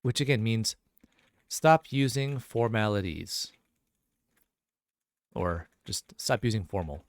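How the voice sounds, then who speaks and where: A man's voice: on the low side, lively intonation, slow pace, no room sound, studio quality. Chatty man teaching on a live stream. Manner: casual, chatty, reads chat questions aloud. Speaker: Korean language teacher. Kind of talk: live-streamed language lesson.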